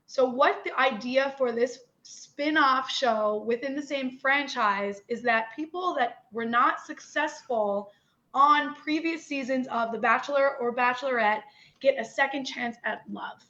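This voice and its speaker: A young woman with a Newfoundland accent talks openly and animatedly as a podcast guest. Her voice sits a little high. The audio is dull and lo-fi. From Newfoundland, Canada. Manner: animated, candid, lots of "like" and "you know". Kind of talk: candid interview chat.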